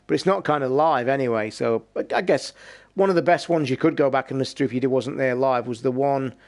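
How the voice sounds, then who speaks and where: A man's voice: mid-range voice, a little fast, darkish tone. A tired British man chatting casually and rambling, with occasional swearing, as he wraps up his game live stream. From Britain.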